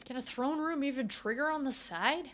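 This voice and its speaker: A woman's voice: high-pitched, normal speed, a bit bright, slight background noise. A young woman streaming a video game, chatting playfully with her live chat and thinking aloud as she plays. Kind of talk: casual gameplay commentary to a live chat.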